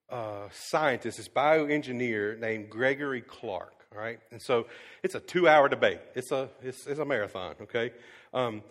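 A male pastor delivering a sermon, telling stories with sudden swings from hushed to loud and scattering fillers like um. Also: mid-range voice, long reverb tail. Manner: frequent "um" fillers and restarts.

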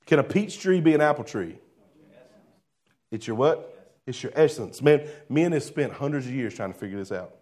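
A man's voice: expressive, moderate pace. Man preaching with rhetorical questions. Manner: drops to a soft, low voice on key phrases. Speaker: pastor. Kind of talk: sermon.

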